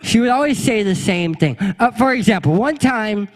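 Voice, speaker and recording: A young adult man, a pastor, telling a funny childhood story in an animated way and acting out the voices of the people in it. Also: high voice, moderate pace, in a large hall. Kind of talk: storytelling sermon.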